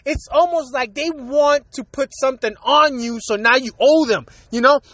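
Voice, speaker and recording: Solo podcast host, male, very high pitch, angry and foul-mouthed, repeats himself, a cold lingering, dry close mic. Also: moderate pace, sharp tone, dry recording. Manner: profane, heated, repetitive. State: recovering from a cold, coughing. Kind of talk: solo rant.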